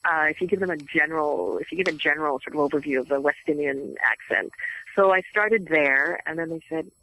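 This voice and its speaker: A woman voice actress, a guest on an interview show, telling stories in a chatty, animated way and laughing easily. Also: low-pitched, fairly quick, a little hiss or hum, poor audio. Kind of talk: casual interview storytelling.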